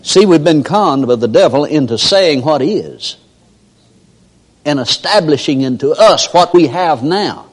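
A man's voice: a little high, animated, unhurried, husky. An older man preaching a sermon in a folksy storytelling manner, acting out everyday characters. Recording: long hall reverb.

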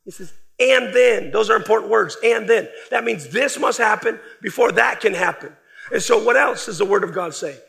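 Guy preaching, kinda high voice, super gravelly, punches words then trails off quiet. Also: moderate pace. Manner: emphatic, swings from loud stresses to quiet trailing phrases. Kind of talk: sermon.

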